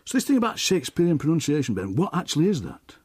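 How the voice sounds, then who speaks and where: A man's voice: on the high side, huge pitch swings, fast, a little mellow, breathy edge, no echo, clean studio sound. A man interviewing a guest, asking curious, prompting questions. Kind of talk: interview chat.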